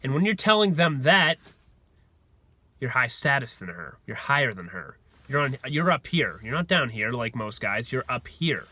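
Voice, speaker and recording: A man's voice: medium pitch, very animated, normal speed, bright, forceful tone, dry recording. A man giving dating advice to the camera in a brash, swaggering, profane way, repeating lines for emphasis.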